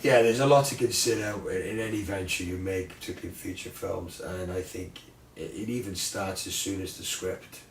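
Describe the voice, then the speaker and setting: A man's voice: low voice, steady tone, fairly quick, hardly any pauses, slight background noise. A British man co-hosting a vlog, offering dry, wry remarks in a casual chat. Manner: dry, wry, short replies. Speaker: filmmaker and co-host. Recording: roomy echo, distant mic.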